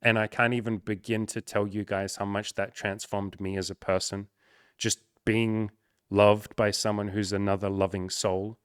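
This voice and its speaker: A man's voice: low voice, clear, resonant tone, no echo. A young man speaking candidly and emotionally to camera, swearing freely and close to tears. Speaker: coach and content creator. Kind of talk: emotional personal talk to camera.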